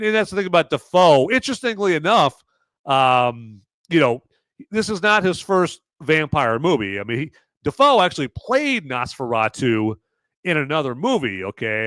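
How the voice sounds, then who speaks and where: A man hosting a podcast, giving a casual, rambling movie review with animated asides. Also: mid-range voice, normal speed, smooth, no room sound, studio quality. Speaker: podcast host.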